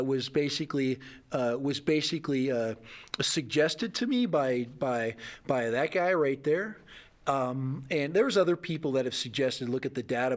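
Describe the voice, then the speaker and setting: A middle-aged man hosting a casual livestream, rambling and joking as he reads out viewer comments. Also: mid-range voice. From United States. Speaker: livestream host.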